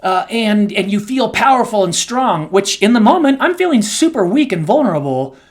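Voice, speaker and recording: A middle-aged man co-hosting a podcast, talking candidly and emotionally, his voice swinging between soft and loud. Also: high voice, very animated, moderate pace. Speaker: co-host.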